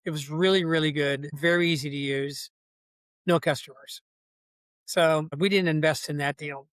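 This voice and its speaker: A man's voice: on the high side, fairly even intonation, moderate pace, a bit bright, no room sound. An older man, a podcast guest, telling long casual anecdotes full of asides. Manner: rambling, folksy anecdotes with many asides. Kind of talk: casual storytelling.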